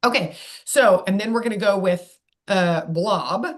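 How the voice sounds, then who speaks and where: A woman's voice: medium pitch, measured pace. A woman speech therapist leading an online workshop in a chatty, digressive way, demonstrating sounds aloud. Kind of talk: live online workshop teaching.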